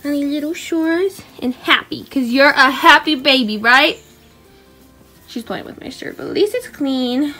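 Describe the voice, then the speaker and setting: A woman's voice: high-pitched, a little slow, sharp tone, roomy sound, soft background music. A young woman talking casually to her phone camera at home, chatty and upbeat, with lots of fillers. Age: young adult. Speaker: vlogger, young mother. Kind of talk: casual vlog chat. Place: home indoors.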